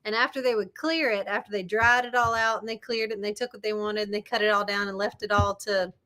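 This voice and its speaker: A woman in her thirties co-hosting a casual live chat, telling stories in a relaxed, unhurried way. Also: mid-range voice, slight background noise. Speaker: livestream co-host.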